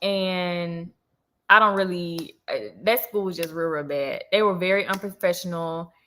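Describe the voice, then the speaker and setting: A woman in her twenties hosting a livestream, telling a personal story in a casual, animated way, full of slang and asides to her viewers. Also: on the low side, unhurried, a little hiss or hum. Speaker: livestream host.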